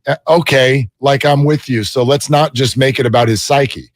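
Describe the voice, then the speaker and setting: A man's voice: medium pitch, fairly even intonation, normal speed. A man co-hosting a sports radio show, chatting casually and reading out team news. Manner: chatty, reads out news items.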